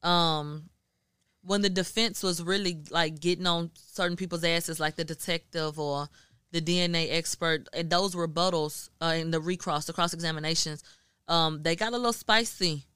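A woman's voice: fairly low pitch, moderate pace, clear, resonant tone, dry recording, clean studio sound. Brash, swearing woman from Houston. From Houston, Texas. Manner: profane, animated storytelling with acted-out quotes. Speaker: guest media journalist. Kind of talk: casual podcast chat.

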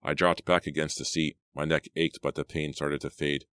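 Super deep voiced guy reading a teen horror audiobook, steady, dry close mic. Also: moderate pace, clean tone, no room sound. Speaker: audiobook narrator. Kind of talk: scripted narration of a teen horror novel.

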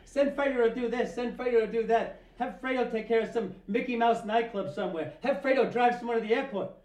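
A man's voice: medium pitch, moderate pace, dark tone, roomy sound, pitched below the performer's own voice, lightly acted. A man doing an impression of a whining, resentful younger brother from a crime family. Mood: aggrieved. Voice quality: pleading, rising voice. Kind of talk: film scene impression.

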